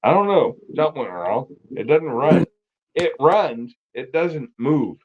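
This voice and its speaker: A man's voice: fairly high pitch, expressive, measured pace, dull audio, a little hiss or hum. A man talking casually on a livestream, blunt and swearing often. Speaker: guest on a car livestream. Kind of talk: casual chat.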